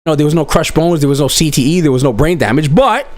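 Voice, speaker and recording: A man's voice: on the high side, animated, fast talker, darkish tone, dry recording. Blunt man ranting on a livestream. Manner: blunt, profane, rambling opinions. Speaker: host and fight commentator. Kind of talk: casual livestream commentary.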